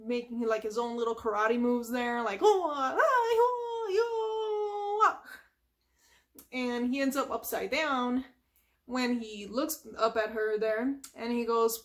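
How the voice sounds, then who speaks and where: A woman's voice: fairly high pitch, fairly even intonation, unhurried, fairly bright tone. A woman casually retelling a cartoon episode from memory, chatty, with lots of "like" and sound effects. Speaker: storyteller.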